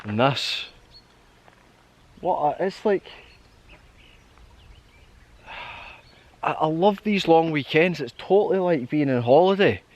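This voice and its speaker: On a hill trail, a young Scottish hiking vlogger chats and tells stories unhurriedly, laughing often. His fairly high voice has lively intonation and a darkish tone, though the audio sounds dull.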